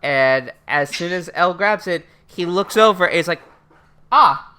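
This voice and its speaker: A woman's voice: fairly low pitch, normal speed, fairly bright tone, clear, resonant tone. A woman co-hosting a casual anime recap chat, blunt and swearing as she chimes in with short replies. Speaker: podcast co-host.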